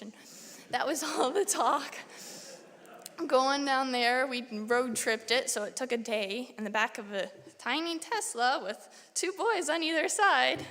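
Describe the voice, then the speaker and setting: Young woman's lively testimony in reverberant church. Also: high-pitched, unhurried. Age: young adult. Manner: lively storytelling, acting out her own reactions. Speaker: church member giving testimony. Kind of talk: personal testimony. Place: church sanctuary. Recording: long church hall reverb.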